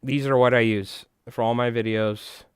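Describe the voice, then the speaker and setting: A man, chatting in a rambling, animated way to his viewers while tying flies on a live stream. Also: medium pitch, normal speed, clear, resonant tone, no room sound, studio quality. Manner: rambling, animated, talks to chat.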